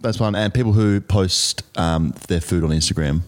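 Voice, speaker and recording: A young man co-hosting a casual podcast, teasing his friend with quick banter. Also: low-pitched. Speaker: podcast co-host. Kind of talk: casual chat.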